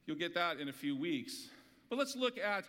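Bright-voiced pastor preaching in a hall. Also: male voice, a little high, very animated, normal speed. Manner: conversational, with rhetorical questions and humor. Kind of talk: sermon. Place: church hall.

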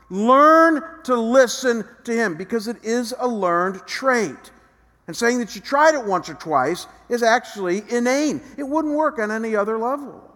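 Pastor preaching in a reverberant hall. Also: male voice, very high voice. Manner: swings from hushed reflection to loud animated emphasis, acts out voices. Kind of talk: sermon.

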